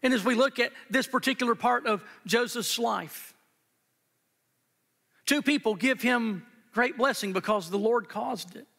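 A man's voice: extremely high pitch, unhurried, gravelly, sharp tone. A male pastor preaching an earnest, emphatic sermon, repeating phrases for weight, recorded live in a church sanctuary. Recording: long church hall reverb.

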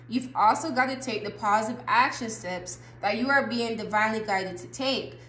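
A woman's voice: a little high, a bit bright. A woman giving a casual tarot reading straight to her viewers, chatty and loose, swearing and laughing freely. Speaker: tarot reader. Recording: echoey room with faint noise.

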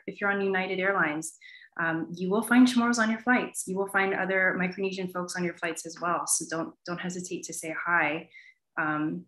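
A woman talking as an academic guest in an animated interview, with plenty of fillers. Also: on the low side. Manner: animated, many fillers like "you know". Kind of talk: conversational interview answer. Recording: roomy echo.

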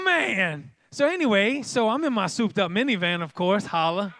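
High-pitched animated male pastor preaching. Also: moderate pace, few pauses, no echo. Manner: animated and comic, acting out voices. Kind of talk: sermon.

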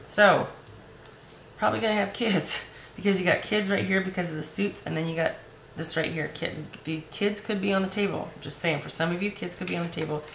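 Hoarse, gravelly woman reading tarot. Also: lowish voice, fairly even intonation, a little fast, a bit bright, reverberant, a little hiss or hum, low-quality recording. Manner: chatty, reassuring, talks straight to the viewer. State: voice going hoarse. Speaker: tarot reader.

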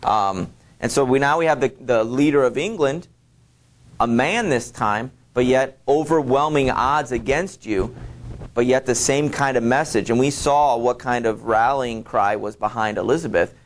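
A man's voice: mid-range voice, moderate pace. A male teacher giving a classroom lecture, talking to students directly with many hesitations, fillers and restarts.

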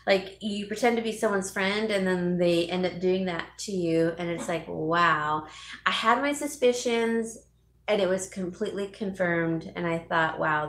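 A woman's voice: medium pitch, echoey room. A woman hosting a casual live vlog from home, chatting with viewers by name and laughing often. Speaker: YouTube host.

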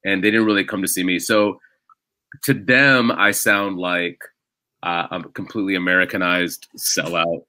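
A man in casual podcast conversation spins lively, self-mocking stories about his stand-up gigs. His voice sits a little low but sounds bright and forward. It is recorded dry and close, with no room sound around it. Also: moderate pace, no room sound, rough recording. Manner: animated storytelling with self-deprecating jokes. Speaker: comedian guest.

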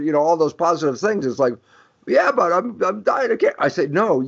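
Older guy explaining stuff on a podcast, emphatic, acts out little dialogues, kinda muffled lo-fi sound. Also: a little high. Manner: emphatic lecturing, acting out quoted dialogue. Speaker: guest expert. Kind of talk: podcast interview, explaining ideas. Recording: dull lo-fi audio.

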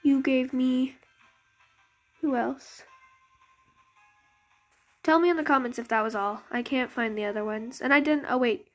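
A woman's voice: sits high, a little slow, pauses often. A young woman casually commenting on her game as its channel host, chatty and rambling, often correcting herself. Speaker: gaming YouTuber. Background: game music.

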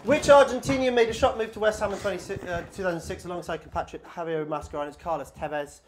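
A man co-hosting a live football quiz in a coffee shop, brisk and upbeat, quick to praise answers. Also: high-pitched, a little hiss or hum. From Wales. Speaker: quiz host. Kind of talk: reading out a live pub quiz. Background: crowd of quiz players.

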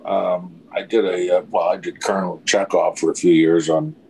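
An older actor with a low, creaky, husky voice tells anecdotes at normal speed during an interview, on a rough recording. He's a lively storyteller, acting out the dialogue and chuckling.

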